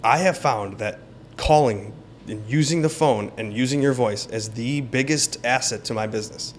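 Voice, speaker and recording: Animated man telling a deal story. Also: mid-range voice, moderate pace, a little hiss or hum. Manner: animated, acts out quoted dialogue. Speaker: realtor guest. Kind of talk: casual interview storytelling.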